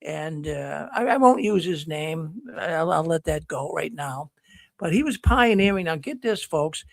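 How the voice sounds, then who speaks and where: A man's voice: on the high side, expressive, a little slow, gravelly, no echo. A man hosting a live call-in show, talking casually and rambling through stories with many restarts. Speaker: host of a call-in livestream show.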